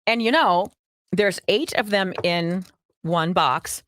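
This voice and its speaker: A woman's voice: fairly low pitch, takes it slowly, fairly bright tone, no room sound. A woman with a Minnesota accent, co-hosting a casual radio podcast, chatty and laughing easily. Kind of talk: casual chat.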